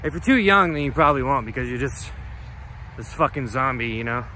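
A man's voice: mid-range voice, expressive, a little fast, pushed and bright, slight background noise. A man giving a comedic, rambling rant to unseen haters, full of rhetorical questions and swearing, recorded outdoors on a hike. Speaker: comedy vlogger.

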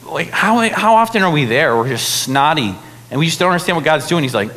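Young male pastor, casual animated sermon, slightly high voice, long church-hall reverb. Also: a little fast. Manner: casual, animated preaching with many fillers.

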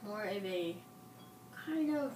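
Slow, teasing woman gamer, far off. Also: mid-range voice, expressive, background noise. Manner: teasing, playfully nagging. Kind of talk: casual chat while gaming. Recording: distant roomy phone recording. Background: game sounds from a TV.

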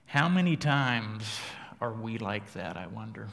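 A man preaching a sermon in a church, telling folksy stories and moving between hushed prayer and loud emphasis. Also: fairly low pitch, expressive, measured pace, vocal fry. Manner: folksy storytelling, swings from quiet prayer to loud. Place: church sanctuary. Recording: church livestream with long hall reverb.

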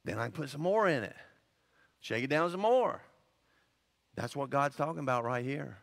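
A male pastor preaching a sermon in an animated, conversational way, full of asides and exclamations. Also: mid-range voice, moderate pace, gravelly.

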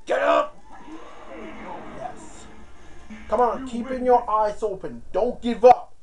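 A man playing a fighting game who coaches himself out loud, yelling, swearing and urging himself on in a frantic way. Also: very high-pitched, slow, faint music behind. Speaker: gamer.

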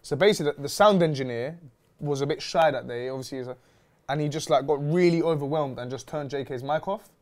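A man's voice: on the high side, quick pace. A man hosting a chat show, brash and teasing, swearing freely. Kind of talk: casual chat.

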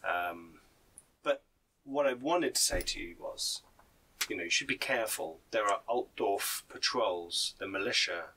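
A man's voice: lowish voice, animated, measured pace, pushed and bright, far from the mic, slight background noise, pitched below the performer's own voice, heavily acted. A game master voicing a shady male informant in a confiding, hesitant manner. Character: shady male street informant, sly and wary. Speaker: non-player character.

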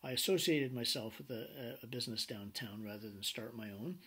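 Male business instructor, husky mid-pitched voice, anecdotal lecture, animated storyteller. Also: fairly quick. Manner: animated storyteller acting out quoted dialogue.

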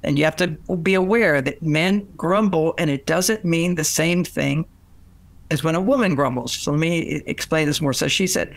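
An older man, a relationship author being interviewed, telling anecdotes in lively conversational style and acting out quoted voices with many restarts. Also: a little high, moderate pace, vocal fry. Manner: animated, acts out quoted voices, frequent restarts.

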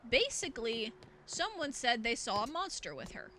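A woman's voice: on the high side, big pitch swings, moderate pace, pushed and bright, slight background noise. A woman hosting a let's play, giving chatty, rambling, self-deprecating commentary. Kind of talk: casual gameplay commentary. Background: game music.

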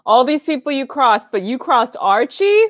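A young woman reacting to a film in casual commentary, excitable and gushing, her fairly high voice swinging widely. She laughs often. The sound is dry and close. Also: normal speed, no echo. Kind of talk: casual watch-party commentary.

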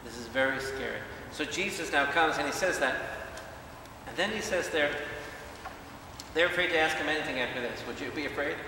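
A man, a priest, preaching a lively Bible study to a congregation, asking questions and acting out quotes. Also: on the high side, fairly quick, background noise. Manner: animated, questions the audience, acts out quotes. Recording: echoey hall, speaker far from mic.

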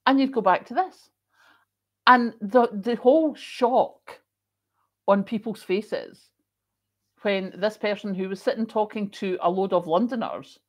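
A middle-aged woman with a Scottish accent, hosting a casual chat and telling stories in an expressive way, with emphatic repeats. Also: medium pitch. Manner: chatty and expressive, with emphatic repetition. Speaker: host.

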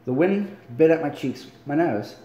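An amateur reader, tired and yawning, casually works through a novel aloud at home, stumbling and correcting himself often. His fairly high voice is expressive and mellow at normal speed, recorded on a phone in an echoey room with the highs cut off.

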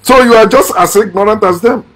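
A man delivering a blunt, lecturing monologue. He repeats his points and swings between shouting and quiet talk. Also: high voice, fairly quick. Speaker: channel host.

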